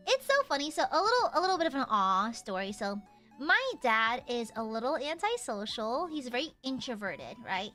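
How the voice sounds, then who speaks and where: A woman's voice: sits high, bright, forceful tone. A woman streamer chatting casually with her viewers, giggly and rambling with lots of fillers. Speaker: livestreamer.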